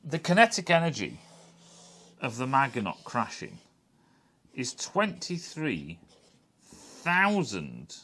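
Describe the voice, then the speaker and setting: A man's voice: medium pitch, huge pitch swings, slow pace, long pauses, sharp tone. A man giving a casual, rambling and scornful review, swearing often and restarting his sentences. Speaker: TV critic.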